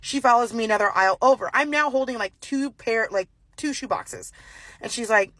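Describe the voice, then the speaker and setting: A woman's voice: on the high side, brisk. Chatty woman telling a story. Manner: animated, many fillers. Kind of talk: casual anecdote.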